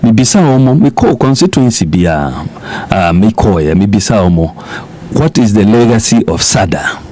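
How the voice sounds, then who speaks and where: A man's voice: lowish voice, big pitch swings, moderate pace, dark tone. A middle-aged man with a Ghanaian accent, speaking as a politician guest in a radio interview, emphatic and repeating his points while mixing in Twi.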